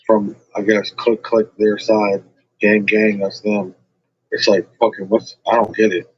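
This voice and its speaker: Husky, profane man ranting on a stream. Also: fairly low pitch, dull audio. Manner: profane, rambling, combative. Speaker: livestreamer. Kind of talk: casual livestream chat.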